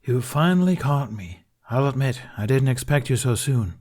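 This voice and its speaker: A man's voice: mid-range voice, animated, moderate pace, darkish tone, voice pushed up, close to an everyday voice. A man voicing a defiant young man with frost powers, talking with forced confidence and a slight tremor, in a fan fiction audiobook reading.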